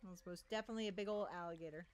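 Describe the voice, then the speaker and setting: A woman giving chatty let's play commentary, thinking aloud with excitable little exclamations. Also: lowish voice, very fast, a little hiss or hum. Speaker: gaming streamer.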